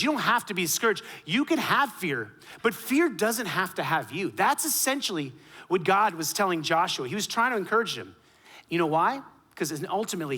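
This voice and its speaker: A man preaches a sermon with a bright, fairly high, forceful voice, his delivery swinging between loud, punchy emphasis and quiet, low asides. He is a pastor speaking from the pulpit.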